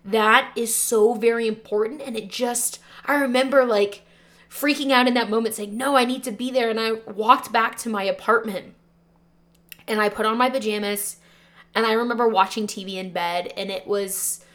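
A woman's voice: a little high, fairly even intonation, moderate pace, fairly bright tone. Earnest young woman telling a personal story. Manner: earnest, emotional, frequent "like" fillers. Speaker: teacher and podcast host.

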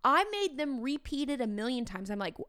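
Woman, thirties, teacher podcast host, chatty and animated, slightly high voice, dry close sound. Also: fairly quick, clean tone, dry recording. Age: 30s. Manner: chatty and animated, with playful asides to the listener. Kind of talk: casual podcast talk.

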